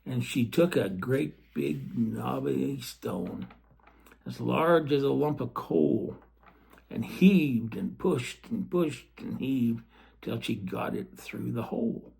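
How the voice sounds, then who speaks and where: Slow, gravelly male storyteller. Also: mid-range voice, expressive. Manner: gentle, with chatty asides to the listener. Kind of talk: storybook read-aloud.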